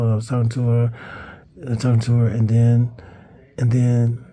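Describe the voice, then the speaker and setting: A man casually telling a personal story, rambling and cursing, with restarts and higher-pitched acted-out quotes. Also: monotone, moderate pace, warm tone. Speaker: vlogger telling a childhood story.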